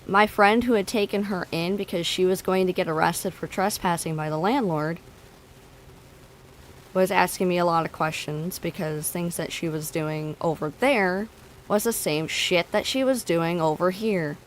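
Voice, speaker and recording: A woman's voice: lowish voice, normal speed, slight background noise, rough recording. A woman streamer talking to her chat, venting bluntly and swearing freely. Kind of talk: casual talk to stream chat.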